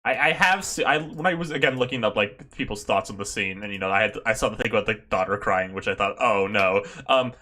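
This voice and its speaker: Podcast host, man, bright voice, rambling casual chatter. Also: lowish voice, fast talker, hardly any pauses. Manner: rambling, animated, swears casually. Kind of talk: casual chat.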